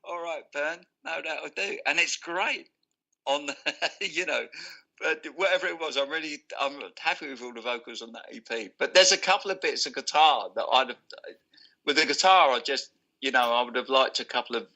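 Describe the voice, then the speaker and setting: Male musician guest, bright tone, casual anecdotal storyteller, self-deprecating. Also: mid-range voice, brisk.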